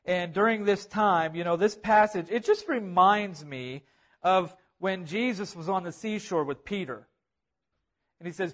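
High-voiced man preaching earnestly. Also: a little slow, a bit bright. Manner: earnest, repetitive preaching with rising emphasis. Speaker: pastor. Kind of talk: sermon.

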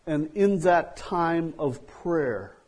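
Slow, soft-toned male preacher. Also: a little high, animated, rough recording. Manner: slow, deliberate preaching, acting out quoted dialogue, trailing off softly. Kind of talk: sermon.

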